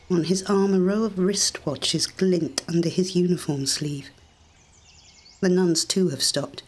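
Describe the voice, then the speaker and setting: An audiobook narrator giving a measured, deliberate reading of a scripted story. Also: medium pitch.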